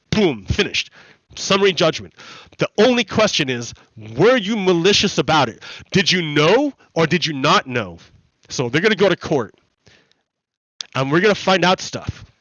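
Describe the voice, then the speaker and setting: A man hosting a gaming channel, explaining in a repetitive, halting way full of restarts during casual commentary over gameplay. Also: on the high side, fairly bright tone, dry recording, muffled recording.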